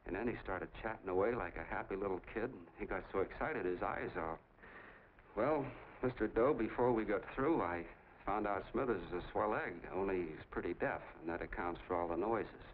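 An actor as a chatty small-town soda jerk. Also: male voice, low voice, fairly quick, natural voice. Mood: eager. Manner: chatty, rambling storyteller. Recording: tinny 1940s film soundtrack, faint hiss.

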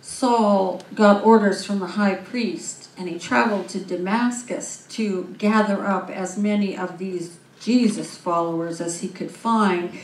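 A woman minister giving a sermon, telling a story in a lively, animated way. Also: mid-range voice. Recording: roomy, from far off.

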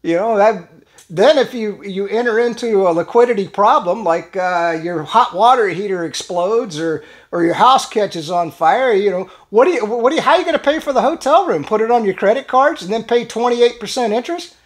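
Rambling older man, high voice. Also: expressive, normal speed. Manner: rambling, folksy, frequent "uh" and restarts; chuckles often. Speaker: channel host. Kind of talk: casual vlog commentary.

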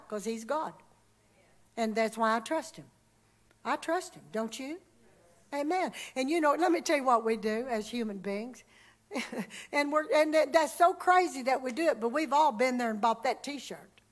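A woman preaching a church sermon, swinging from loud emphatic calls to hushed asides. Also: on the high side.

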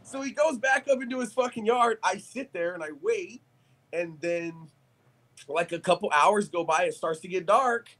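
A man, a podcast guest, telling a story in casual chat, animated and profane, laughing as he talks. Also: sits high, normal speed.

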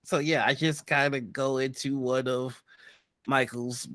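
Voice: medium pitch, steady tone, a little slow, fairly bright tone, no echo, natural voice. A player voicing a shifty male henchman who is flustered and evasive when caught sneaking.

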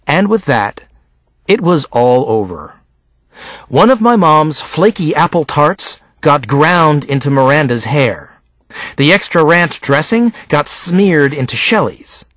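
A man narrating a novel in the first person as an audiobook reader, with an expressive, unhurried delivery. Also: on the high side, no room sound.

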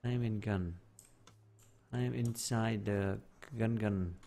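A man's voice: lowish voice, fairly even intonation, slow pace, vocal fry, mellow, a little hiss or hum. A man giving live game commentary, talking to himself, exclaiming and joking in broken English. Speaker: gameplay streamer. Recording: faint keyboard typing in background.

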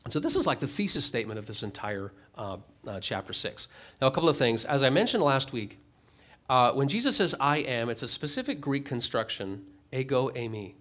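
A man's voice: medium pitch, expressive, fairly quick, fairly bright tone. A middle-aged man preaching a sermon as a pastor, reading scripture aloud and then explaining it conversationally with light humor.

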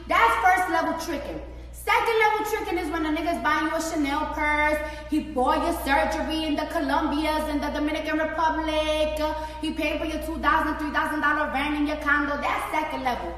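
Brash high-voiced woman in an echoey room. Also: fairly bright tone, far from the mic. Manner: brash, profane, blunt. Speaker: celebrity vlogger. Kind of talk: casual monologue to camera.

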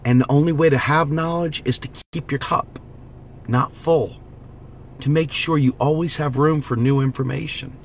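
A man's voice: a little high, fairly even intonation, normal speed, creaky, a little hiss or hum. A man giving an impassioned direct-to-camera monologue, preachy and urgent, repeating slogans as he rallies his viewers. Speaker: political vlogger.

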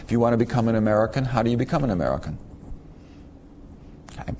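A man's voice: mid-range voice, expressive, fast, warm tone, slight background noise. A middle-aged man giving a conversational university lecture, asking rhetorical questions and stumbling over repeated words. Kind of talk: recorded lecture to students.

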